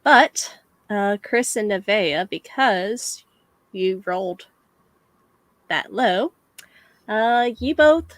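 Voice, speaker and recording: Slow-talking woman game master. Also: medium pitch, expressive, a bit bright, dry recording, rough recording. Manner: slow, hesitant, many fillers. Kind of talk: running a tabletop game.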